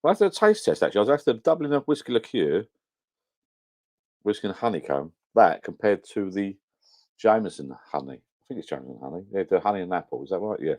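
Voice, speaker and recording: Low-voiced and a little mellow, a middle-aged man talks quickly with big swings in pitch during a casual live stream. He's at home by a whiskey shelf, captured by a camera on a home setup, rambling and fixing his own words as he goes.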